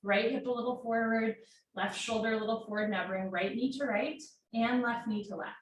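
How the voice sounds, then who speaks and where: A woman teaching a live yoga class from home, calling out poses in steady, directive short commands. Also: a little high, moderate pace. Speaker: yoga instructor. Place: home room. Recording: very echoey room, mic far off, faint noise.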